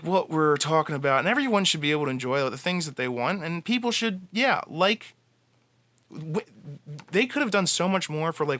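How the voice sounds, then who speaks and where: Passionate rambling man, bright voice. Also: on the high side, dry recording. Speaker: fan commentator. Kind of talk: casual monologue.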